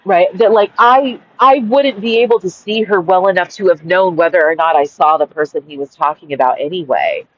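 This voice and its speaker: A woman in her forties venting on a dark sidewalk at night, angry, swearing constantly and repeating herself. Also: mid-range voice, highs cut off. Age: 40s. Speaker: vlogger. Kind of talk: rambling outdoor vent. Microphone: wireless headphones.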